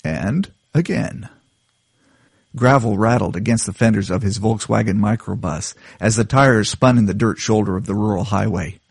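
A man's voice: lowish voice, normal speed, vocal fry, breathy edge, no room sound. Dry-voiced man reading a story. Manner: playful, self-mocking intro. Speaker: contributing writer reading his story. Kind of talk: scripted story narration.

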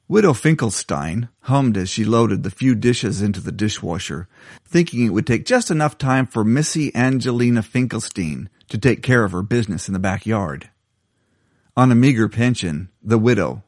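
A man reading his own short stories aloud in a measured storytelling delivery. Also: fairly low pitch, a little mellow, no echo, clean studio sound. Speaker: contributing story writer.

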